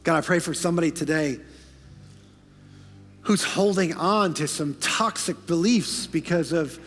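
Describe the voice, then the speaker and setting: A man pastor preaching in a church sanctuary, his voice pitched high. He moves between hushed, intimate lines and fervent bursts with rapid asides. The long reverb of the hall carries him over faint music. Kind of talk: sermon.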